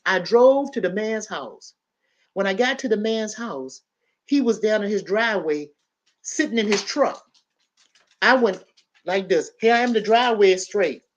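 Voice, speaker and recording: A woman, a panel guest telling a story in casual chat and acting out the loud parts. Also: medium pitch, measured pace, dull audio, a little hiss or hum. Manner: animated, builds to loud acted-out quotes.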